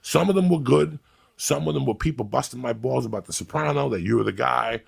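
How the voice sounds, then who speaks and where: A man's voice: mid-range voice, brisk, creaky, husky, dry recording. A middle-aged man telling blunt, profane stories in casual podcast chat, acting out what he said. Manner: profane, blunt and animated, acting out his own quotes. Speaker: storyteller on a podcast.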